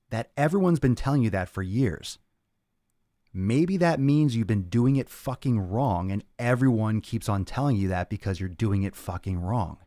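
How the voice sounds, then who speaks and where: A man's voice: medium pitch, a little mellow, no room sound, studio quality. A man hosting a fitness podcast, ranting casually and with exasperation, swearing often and acting out the exchanges he quotes.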